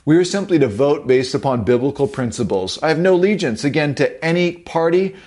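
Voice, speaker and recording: A man preaching a sermon as pastor, from the United States, emphatic and slowing down to stress key phrases. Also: a little high, animated, darkish tone.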